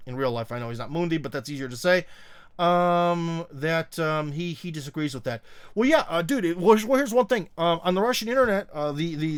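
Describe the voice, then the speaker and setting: A middle-aged man hosting a livestream, talking bluntly and sarcastically with lots of fillers and restarts as he reads comments. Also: on the high side. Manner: blunt and sarcastic, frequent fillers and restarts, mocking put-on voices. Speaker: live stream host. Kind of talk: casual opinion livestream reading comments.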